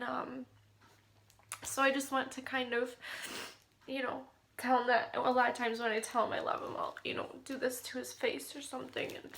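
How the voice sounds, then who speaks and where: A little high, bright and gravelly, her voice carries an emotional video diary entry about caring for her unwell husband. She often fades to near-whisper, and there is slight background noise.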